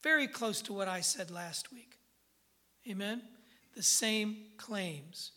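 A woman's voice: mid-range voice, animated, slow pace, pushed and bright. A woman pastor preaching a sermon, emphatic and checking in with the congregation with frequent "okay" and "amen".

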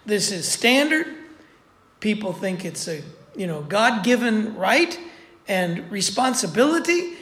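Slow, unhurried preacher in an echoey room. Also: mid-range voice, big pitch swings, fairly bright tone. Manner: conversational, repeats points for emphasis. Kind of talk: sermon. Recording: roomy echo.

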